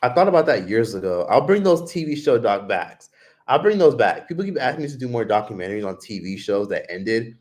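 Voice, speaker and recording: A man's voice: medium pitch, very animated, a little fast, a little mellow. A man casually chatting on a live stream, reading viewer comments and answering with loose, profane talk. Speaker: vlogger.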